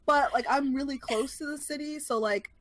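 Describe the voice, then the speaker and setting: A woman's voice: sits high, normal speed. A woman from the New York suburbs, a guest streamer talking in a casual chat, full of fillers and little laughs. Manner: chatty, lots of fillers and laughs.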